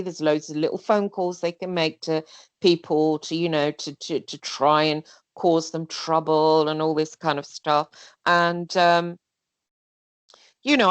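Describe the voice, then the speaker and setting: A woman telling a personal story in casual chat, rambling and animated, sometimes mimicking other people. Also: on the low side, no echo. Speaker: guest.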